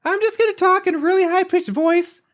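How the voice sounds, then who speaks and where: A man putting on a squeaky, mock-earnest falsetto as a comic bit on a podcast. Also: a little fast.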